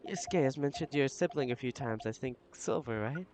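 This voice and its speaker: A man's voice: medium pitch, fairly quick, background noise, close to an everyday voice. A man reading the lines of a friendly male barista in a visual novel, casual and kind, asking curious questions. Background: game music.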